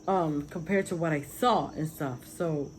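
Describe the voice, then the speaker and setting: A woman's voice: low voice, measured pace, slight background noise, rough recording. A woman talking casually and earnestly, rambling with many fillers as she describes spiritual visions. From Puerto Rico. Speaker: vlogger sharing spiritual visions. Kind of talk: casual testimony.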